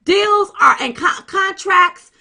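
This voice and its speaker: A woman's voice: very high-pitched, expressive, slow, sharp tone. A woman co-hosting a political commentary show, talking emphatically with folksy slang and piling up rhetorical questions. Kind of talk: animated political commentary chat.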